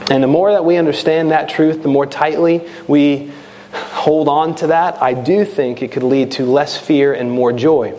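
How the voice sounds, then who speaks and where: A man's voice: on the high side, fairly even intonation, measured pace, dark tone, slight background noise. A man preaching a sermon in an earnest, teaching manner, a parent of children. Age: adult with children. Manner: earnest, rises to impassioned prayer voice.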